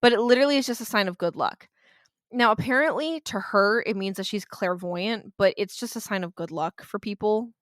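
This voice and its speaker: A woman's voice: mid-range voice, fairly quick, fairly bright tone, no room sound, clean studio sound. Sarcastic woman retelling a ghost story. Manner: blunt, sarcastic, swears and laughs while retelling. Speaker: podcast co-host. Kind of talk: casual storytelling chat.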